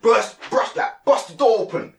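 A man's voice: sits high, moderate pace, creaky, a little hiss or hum. A young man telling stories in a casual, slang-heavy podcast chat. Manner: slang-heavy storytelling, animated. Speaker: podcast co-host.

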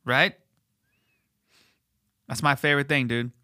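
A man hosting a podcast in casual, rambling chat, swearing heavily and animated. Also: mid-range voice, slow pace, dry recording, clean studio sound. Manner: profane, rambling, animated, filler words. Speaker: podcast host.

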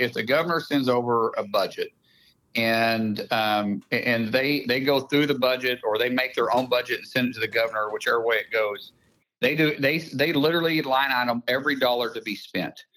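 A man with an Oklahoma accent talks as a guest senator in a relaxed radio interview. His voice sits at an ordinary middle pitch. He is emphatic and piles up one explanation after another. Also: normal speed, low-quality recording.

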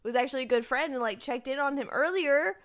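A woman's voice: high-pitched, quick pace, a bit bright. A woman co-hosting a casual podcast. She talks in a chatty way, uses lots of fillers and laughs easily. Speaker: podcast co-host. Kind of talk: casual chat.

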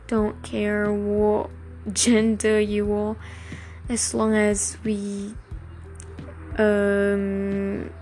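A young woman hosting a casual solo podcast, talking haltingly with many fillers and restarts. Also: medium pitch, darkish tone. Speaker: podcast host.

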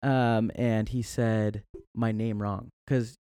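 A young adult man as a guest in a casual chat, telling stories in an animated way and laughing often. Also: on the low side, slow pace, clean tone, no echo, clean studio sound. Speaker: podcast guest.

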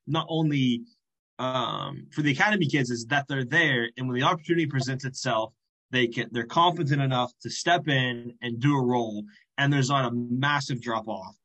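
A man co-hosting a podcast, working through his football points in a measured way. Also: medium pitch, pushed and bright, low-quality recording. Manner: measured, reasoning, with restarts. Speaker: podcast co-host. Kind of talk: casual sports chat.

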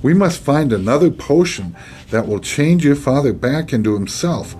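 A man's voice: mid-range voice, lively intonation, mellow, a little hiss or hum, pitched above the performer's own voice, natural voice. A man doing a worried castle lady. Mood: urgent. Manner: hurried, relieved-then-urgent storybook voice.

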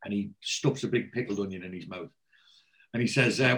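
A man's voice: fairly low pitch, a little fast, a bit bright. A man casually retelling a TV episode, acting out the characters' lines and swearing freely.

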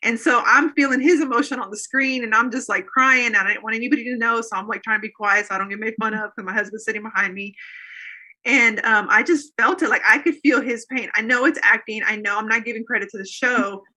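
An earnest woman in her thirties or forties tells a personal story as an interview guest. Her voice sits fairly high and sounds bright and forceful. She rambles a little, circling back with fillers and restarts. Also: quick pace. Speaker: guest telling a faith testimony. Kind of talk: casual conversational storytelling.

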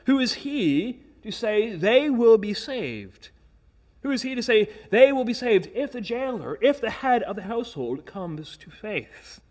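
A man preaching a sermon, earnest and emphatic, posing rhetorical questions and repeating words as he presses a point. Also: sits high. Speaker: pastor.

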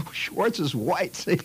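A man's voice: high voice, breathy edge, rough recording. A man telling a childhood story in a rambling, conversational way, peppered with "you know" and "see".

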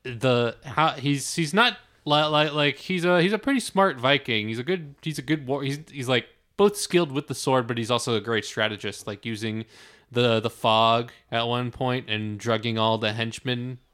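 A man's voice: medium pitch, moderate pace, a bit bright, smooth. A man in casual movie chat, enthusiastic and often trailing off while searching for words.

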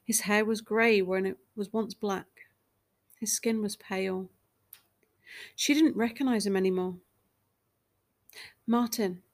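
A woman reading a short dramatic story aloud in measured, even scripted narration. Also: medium pitch.

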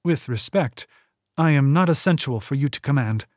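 A man's voice: mid-range voice, expressive, normal speed, dry recording, clean studio sound, lightly acted. A man voicing a wary young male thief in an audiobook, speaking in a guarded, terse way. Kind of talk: audiobook character voice.

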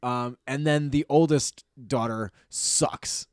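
A man's voice: mid-range voice, slow, clean tone, no room sound, studio quality. A man co-hosting a casual movie review chat, blunt and swearing, often restarting his sentences. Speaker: podcast co-host.

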